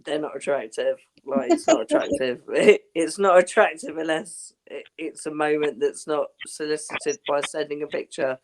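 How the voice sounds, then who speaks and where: A woman's voice: low-pitched, lively intonation, normal speed, hardly any pauses, a little hiss or hum. A woman co-hosting a casual chat, blunt and teasing, laughing and swearing freely.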